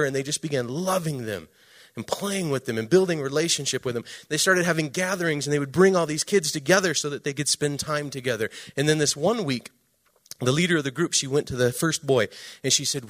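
Man preaching with emphatic storytelling. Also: a little high. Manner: emphatic storytelling with swings between loud and hushed. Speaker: pastor. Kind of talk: sermon storytelling.

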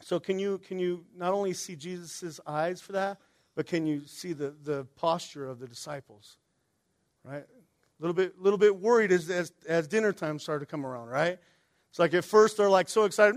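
A man's voice: high voice, normal speed. A man preaching a sermon in a casual, conversational way, often checking in with "right?" and asking the congregation questions. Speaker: pastor.

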